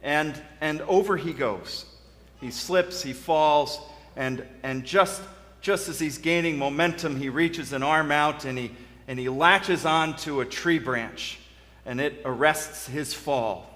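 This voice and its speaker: Pastor preaching in a reverberant church. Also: male voice, fairly high pitch, slow, fairly bright tone. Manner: conversational storytelling, with frequent restarts. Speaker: interim pastor. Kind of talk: sermon. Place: church sanctuary.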